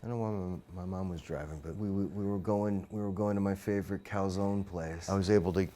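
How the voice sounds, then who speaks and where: A middle-aged man recounting a childhood memory in an interview, swearing constantly, his voice surging loud and then dropping low. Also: fairly even intonation, fast talker. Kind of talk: emotional storytelling.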